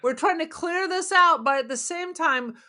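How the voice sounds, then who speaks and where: A woman's voice: extremely high pitch, sharp tone. A woman co-hosting a casual podcast about a horror film, joking and skeptical as she picks the plot apart. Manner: joking, skeptical, quick to tease. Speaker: podcast co-host.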